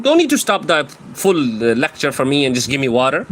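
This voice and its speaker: A man's voice: on the high side, big pitch swings, fairly quick, slight background noise. A man giving brash, slangy, taunting reaction commentary on clips.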